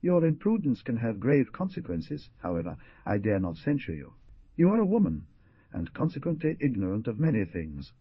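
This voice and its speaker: A man voicing a brooding, stern young frontiersman who gives orders, with a husky voice. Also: mid-range voice, huge pitch swings, normal speed, dry recording, muffled recording, voice pushed up, exaggerated voice. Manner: commanding, stern.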